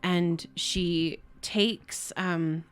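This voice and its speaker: A woman's voice: fairly low pitch, steady tone, very slow, clean tone, soft background music. A woman narrating a tabletop game as game master, chatty and stopping often to correct herself.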